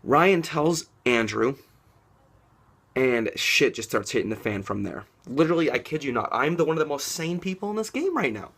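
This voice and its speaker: A man contestant in a confessional, exasperated and animated. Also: mid-range voice, normal speed, husky. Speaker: online game contestant.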